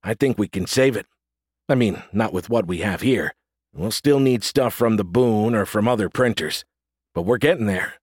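A man's voice: fairly low pitch, normal speed, a little mellow, husky, no echo, clean studio sound. A man voicing a blunt, uneasy male soldier in an audiobook, speaking casually with slang and rising emphasis. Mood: wry, uneasy.

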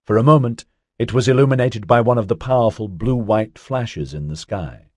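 A man with a very deep, husky voice reads a science-fiction novel aloud, keeping an even storytelling pace. The sound is dry and close, with no room around it. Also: normal speed, no room sound. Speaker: audiobook narrator. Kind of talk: scripted narration.

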